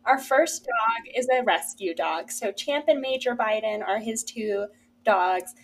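Earnest, excited young woman co-host. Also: a little high, unhurried, rough recording. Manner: earnest and enthusiastic, repeats "I'm so excited". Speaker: podcast co-host. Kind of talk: casual chat.

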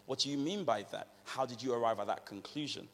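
A man giving a conversational sermon from England, telling animated stories and acting out what people said. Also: medium pitch, fast talker. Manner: conversational, animated storytelling, acts out quotes. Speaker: preacher. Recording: long reverb of a large hall.

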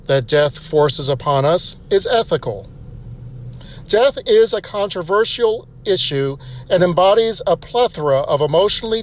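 A man reading a scripted joke and short essay, lifting his voice for the characters' lines. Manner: steady storytelling, voicing characters with raised pitch.

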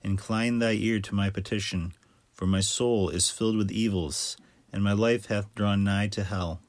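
Man giving a measured scripture reading. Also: on the low side, no room sound. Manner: measured, steady reading cadence. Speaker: scripture reader.

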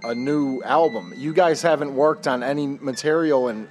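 A man's voice: medium pitch, moderate pace, soft background music. A man hosting a comedic call-in podcast, stammering and apologetic with his caller. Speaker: podcast host.

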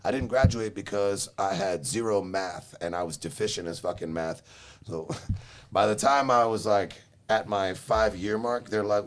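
Young guy from LA, lowish voice, rambling and cussing, laughs a lot. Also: normal speed. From Los Angeles, Southern California. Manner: profane, rambling, laughs often. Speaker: guest telling his life story. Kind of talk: casual chat.

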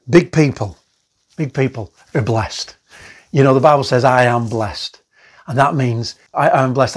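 Male pastor, husky, earnest sermon delivery with restarts. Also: medium pitch, a little mellow. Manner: earnest preaching with repetitions and restarts.

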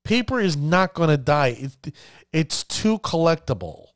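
A man giving casual commentary on card games, addressing his viewers as ladies and gentlemen and acting out players' reactions. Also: on the high side, sing-song, unhurried, no room sound, studio quality. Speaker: card game content creator.

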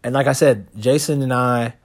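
A young man tells a rambling story from his childhood in a relaxed, conversational voice. His talk is full of slang and swearing. He loops back on himself and keeps the energy up, with a medium pitch. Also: normal speed. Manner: animated, profane, slangy, rambling. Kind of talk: casual storytelling.

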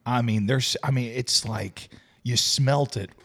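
A man co-hosting a casual movie review podcast, excitable and full of fillers and laughs. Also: mid-range voice, unhurried, husky. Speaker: podcast co-host.

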